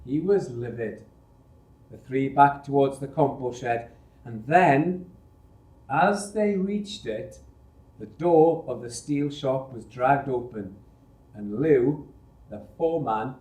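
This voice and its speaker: A man reading a novel adaptation aloud in a measured, unhurried way, recorded in a roomy space. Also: mid-range voice, a little mellow. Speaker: storyteller. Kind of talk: audiobook reading. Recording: roomy echo.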